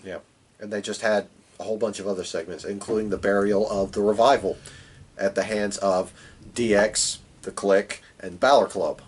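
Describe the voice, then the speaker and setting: A man's voice: fairly low pitch, fairly even intonation, moderate pace, husky. A man with a mid-range voice co-hosts a casual podcast and sits back from the mic. His remarks are sarcastic and crude, delivered dryly. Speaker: podcast co-host. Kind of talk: casual chat. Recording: distant from the mic.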